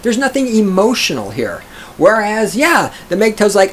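A man's voice: high voice, sing-song, normal speed, fairly bright tone, a little hiss or hum. A man reading an article aloud and reacting to it in casual commentary, profane and sarcastic, often mocking others in a raised put-on voice.

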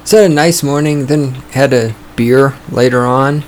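A man hosting his own podcast, talking in a sarcastic, profane, ranting way, his voice starting to go hoarse. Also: mid-range voice, slight background noise. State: voice going hoarse. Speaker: podcast host. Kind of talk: casual opinionated podcast monologue. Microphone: studio microphone.

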